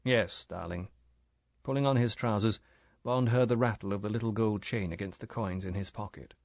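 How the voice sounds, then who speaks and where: With a lowish-pitched voice, a man narrates an audiobook from a script. His storytelling stays measured and even, and there's no echo.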